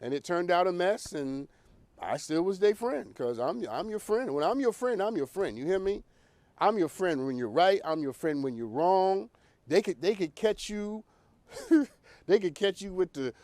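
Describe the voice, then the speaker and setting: A man hosting an advice show, talking straight to the viewer in a preachy, animated way. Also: high-pitched, normal speed, no room sound. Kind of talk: direct-to-camera advice talk.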